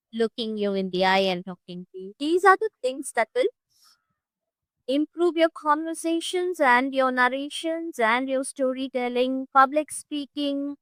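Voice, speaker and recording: Woman tutor, bright forceful voice, slightly high, expressive and emphatic, dry close sound, online lesson over a video call. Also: clean tone, no room sound, low-quality recording. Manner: expressive, emphatic, demonstrates stress and pauses. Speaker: English tutor. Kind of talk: one-on-one online English lesson.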